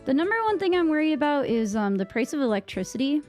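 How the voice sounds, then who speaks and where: A young woman from Massachusetts with a Boston accent, chatting casually with her stream viewers, rambling with lots of fillers, on a boom-arm mic at home. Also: sing-song, fast talker, darkish tone, faint music behind. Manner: rambling, many fillers and restarts. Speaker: live streamer. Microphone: microphone on a boom arm.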